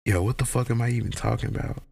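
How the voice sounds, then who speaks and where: A young man, talking casually to camera in a rambling, slangy, profane way, his pitch jumping up and down. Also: steady tone, quick pace, vocal fry, a little mellow, breathy edge. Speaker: solo vlogger. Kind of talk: casual monologue.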